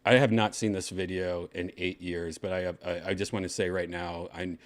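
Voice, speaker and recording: A man's voice: deep voice, flat delivery, moderate pace. A man hosting a show, telling a rambling, laid-back story full of restarts. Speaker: podcast host. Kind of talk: casual storytelling.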